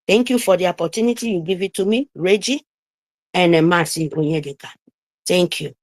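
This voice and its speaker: A woman's voice: lowish voice, a little fast, darkish tone. A middle-aged woman, giving an impassioned, scolding speech on a live audio call, emphatic and repetitive.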